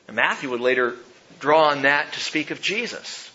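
A man preaching a sermon, reading scripture aloud and explaining it with expressive delivery. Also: on the high side, moderate pace, dull audio. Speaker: pastor.

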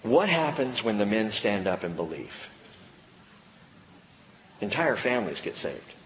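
Animated, lively-voiced preaching pastor. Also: male voice, measured pace, reverberant, slight background noise, rough recording. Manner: animated, swings from excited high exclaims to low earnest emphasis. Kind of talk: sermon.

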